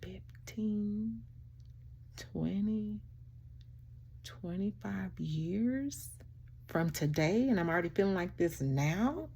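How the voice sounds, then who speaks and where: She's a vlogger giving an emotional, energetic motivational speech to the camera, preachy in tone, laughing a lot and calling the listener "baby" and "child." Medium in pitch, she speaks slowly with vocal fry and frequent pauses, and there's a little hiss or hum in the audio.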